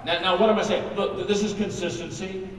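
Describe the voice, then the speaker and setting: An older man delivers a motivational keynote in a large event hall, his high, steady voice moving a little quickly as he tells folksy anecdotes and quotes imagined voices from the crowd. Captured from a distance, the echoey recording carries live audience laughter and background noise.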